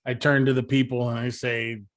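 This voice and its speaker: A man at a tabletop game speaks in a measured way, clearing his throat before lines. He talks at a slow pace in a mid-pitched voice. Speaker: player. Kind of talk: tabletop role-play.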